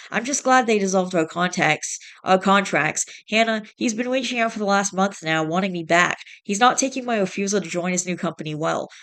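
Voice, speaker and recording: A woman's voice: mid-range voice, close to an everyday voice. A woman reading aloud and voicing a frustrated young husband who speaks earnestly and apologetically. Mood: worried.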